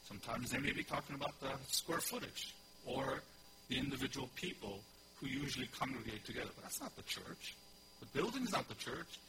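A man preaches a teaching sermon in a middle-pitched voice, stressing and repeating key phrases and asking his congregation questions. The recording carries steady background noise and a low hum. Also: brisk. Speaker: pastor.

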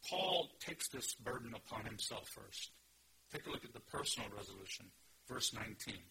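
A man preaching an expository sermon, emphatic, with sudden rises in pitch and loudness. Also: lively intonation, normal speed, creaky. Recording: noisy recording.

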